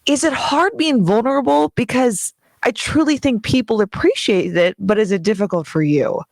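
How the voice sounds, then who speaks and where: Lively enthusiastic woman interviewer. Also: a little high, vocal fry, dry recording. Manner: enthusiastic, quick reactions and exclamations. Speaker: host. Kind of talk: casual interview chat. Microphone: laptop on a video call.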